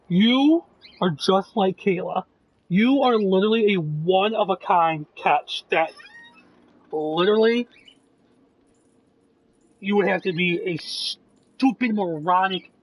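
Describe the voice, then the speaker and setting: A man's voice: high voice, husky, low-quality recording. A man casually talking while playing a game, earnest and reassuring, with plenty of swearing. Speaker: gameplay video creator.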